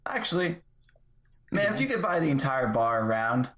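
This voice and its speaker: A man's voice: medium pitch, big pitch swings, normal speed, a bit bright. A man playing a tabletop game, speaking in character and stumbling over his phrasing as he rambles. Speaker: player. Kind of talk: in-character tabletop role-play.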